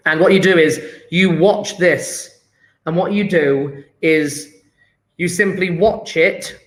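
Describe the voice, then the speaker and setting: A man gives a casual online chemistry lesson from home. His voice sits a little high, and he repeats his words as he jots notes. The room around him is echoey. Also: fairly bright tone. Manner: chatty, repeats phrases while writing them down. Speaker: chemistry teacher. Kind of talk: online lesson, explaining while writing notes.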